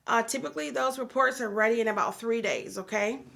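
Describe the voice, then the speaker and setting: A woman's voice: a little high, brisk, gravelly, fairly bright tone. A woman hosting a business and real estate show, talking casually and encouragingly to viewers with lots of fillers. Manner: chatty and encouraging, many fillers, addresses viewers as guys. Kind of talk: casual talk to the camera.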